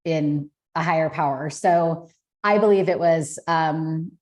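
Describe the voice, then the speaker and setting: A woman's voice: sits low, slow pace, darkish tone. A woman in her thirties, a podcast guest, telling a personal story in a candid, emotional way with many fillers. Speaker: podcast guest, business founder.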